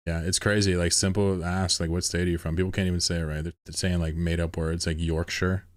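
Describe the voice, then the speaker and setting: A man with a deep, low-pitched voice, chatting with his stream viewers while he plays. He rants in a sarcastic, mock-indignant way. The sound is close and dry, with almost no room around it. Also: little pitch movement, a little fast, no echo. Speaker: game streamer. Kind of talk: casual livestream banter with chat.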